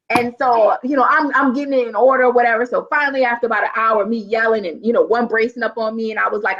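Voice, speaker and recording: Southern social worker, gravelly husky voice, animated storyteller, lo-fi call sound. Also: female voice, quick pace, few pauses. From New Orleans, USA. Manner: animated, acts out dialogue with big pitch jumps. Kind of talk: casual storytelling interview.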